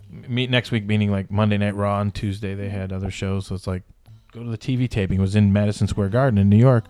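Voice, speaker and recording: A man's voice: fairly low pitch, steady tone, fast talker, a little mellow. A man in his fifties telling stories as a podcast guest, rambling and swearing casually. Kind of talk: casual storytelling in a podcast interview.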